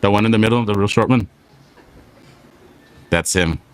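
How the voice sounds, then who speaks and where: A young man from South Texas with a slight twang, hosting a casual live show and reading out viewer shout-outs. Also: on the low side, moderate pace, dry recording. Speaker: show host.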